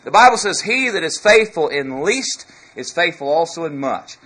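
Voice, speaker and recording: A man's voice: on the high side, big pitch swings, moderate pace, sharp tone, poor audio. A man preaching a sermon, building his points with rising, emphatic questions to the congregation.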